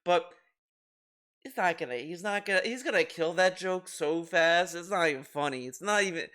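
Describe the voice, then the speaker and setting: A man's voice: high-pitched, normal speed, sharp tone. A man hosting a commentary video, reacting with rambling, restarting sentences, swearing and laughing.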